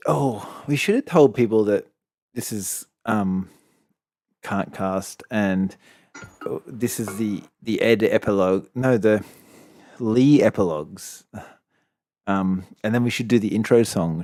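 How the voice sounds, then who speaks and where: A man's voice: on the low side, takes it slowly, a little mellow, dry recording, studio quality. A man with an Australian accent, co-hosting a casual podcast and telling rambling stories with a laugh. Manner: rambling, chatty storytelling, laughs often. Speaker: podcast co-host. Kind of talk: casual chat.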